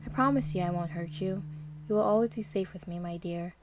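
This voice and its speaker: A woman voicing an obsessive, controlling young man in a dramatized story reading, with a gentle, coaxing tone over quiet menace. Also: on the low side, a little fast, loud music behind the voice, natural voice. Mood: soft, coaxing. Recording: noisy background hiss.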